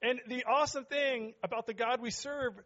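A middle-aged man preaching a sermon as pastor in a church, joking with the congregation and building to shouts. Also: very high voice, steady tone, normal speed, dull audio. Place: church sanctuary.

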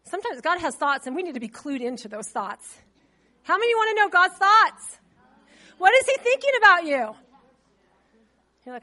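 A woman preacher with a very high, ringing voice delivers a sermon. She talks to her listeners in a casual way. She keeps asking them questions and fills her sentences with little asides. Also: very animated, moderate pace, long pauses, sharp tone. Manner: conversational, asks the congregation questions; loose with fillers.

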